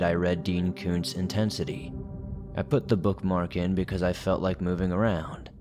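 Deep-voiced man narrating horror stories. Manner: steady, measured storytelling. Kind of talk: scripted horror story narration.

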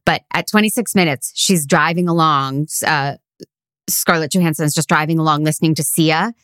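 A woman co-hosts a podcast and talks in a casual, dry and sarcastic way. Her voice sits somewhat low. It is recorded close on a podcast microphone with a dry sound. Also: moderate pace, fairly bright tone, smooth, dry recording. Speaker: podcast co-host. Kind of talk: casual chat.

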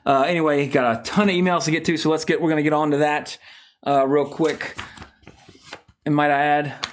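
A man's voice: a little high, steady tone, fairly quick, slight background noise. A man co-hosting a podcast in casual chat, blunt and profane, rambling as he reads out listener emails. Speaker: podcast co-host.

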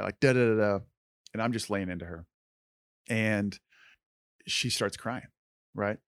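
A man's voice: lowish voice, moderate pace, pauses often, no room sound, clean studio sound. A man co-hosting a podcast, telling a personal story in an earnest, conversational way with lots of filler words. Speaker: podcast co-host.

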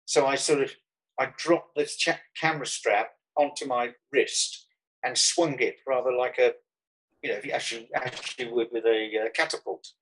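Husky man from Birmingham telling stories. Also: mid-range voice, steady tone, normal speed, fairly bright tone, low-quality recording. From Birmingham, England. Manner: rambling anecdotal storyteller with frequent restarts and chuckles. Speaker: artist guest. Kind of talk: conversational interview, storytelling.

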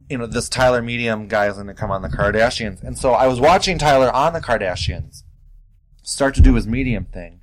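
A man hosting his own podcast, talking in a sassy, animated way with big jumps in pitch. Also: low-quality recording. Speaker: podcast host. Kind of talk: casual solo podcast monologue.

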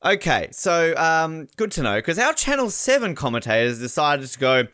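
Bright, animated man. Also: on the high side, normal speed, no room sound, studio quality. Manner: animated, laughing, acts out voices. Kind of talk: casual chat.

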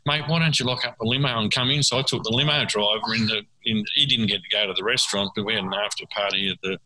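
Very bright-voiced Australian man. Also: on the low side, fast, poor audio. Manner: rambling, repeats words while telling stories. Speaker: guest storyteller. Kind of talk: casual anecdote.

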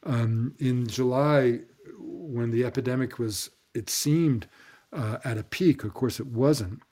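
A man speaking as an interview guest, telling stories in an eloquent, sweeping way that trails off softly at the ends of phrases. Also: mid-range voice, slow. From Canada. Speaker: guest anthropologist. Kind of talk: reflective storytelling in an interview.

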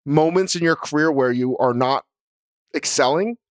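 A man co-hosting a podcast in casual, animated chat, swearing freely and laughing as he tells stories. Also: on the high side, moderate pace, no echo, studio quality. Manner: animated, profane, laughing storyteller. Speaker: podcast co-host.

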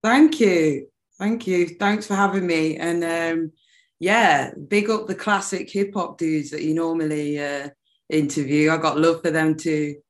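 A British woman in a casual interview chat as the guest, relaxed and loose, with frequent laughs and fillers. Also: sits low, unhurried. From United Kingdom. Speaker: guest singer.

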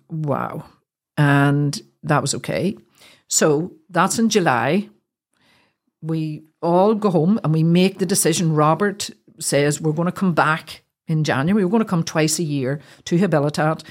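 This interview guest, a middle-aged woman from Ireland, tells a story from her own life. Her voice is low, and she stops and restarts often, using lots of fillers.

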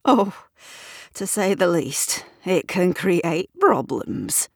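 A woman voicing a muddled, earnest old man who speaks gruffly and breaks off mid-sentence in a storybook reading. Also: fairly low pitch, sing-song, takes it slowly, no room sound, clean studio sound, exaggerated voice.

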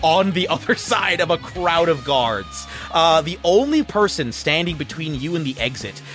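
A man's voice: a little high, very animated, normal speed, a bit bright, soft background music. A man narrating a tabletop game as game master, full of fillers and laughter.

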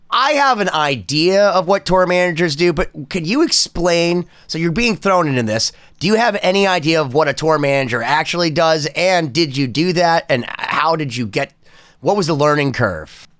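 A man's voice: a little high, fairly bright tone, no echo. A man co-hosting a podcast, teasing and joking with the guest before asking questions. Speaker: podcast co-host. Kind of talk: casual podcast chat.

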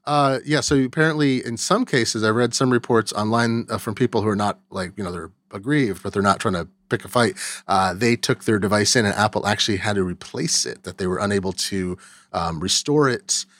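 A man hosting a podcast in casual, jokey chat, with a playful, mock-folksy banter and quick, filler-laden delivery. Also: on the low side, fairly bright tone, dry recording. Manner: quick, chatty delivery with fillers and self-corrections. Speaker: podcast host.

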